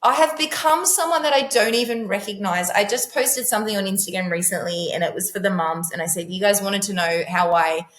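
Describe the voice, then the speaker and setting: A middle-aged woman tells her story as a podcast guest in an easy, candid way. She turns animated when she acts out quotes in playful voices. Her pitch sits at a middle level, and the room gives her voice a noticeable echo. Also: brisk, few pauses. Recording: echoey room.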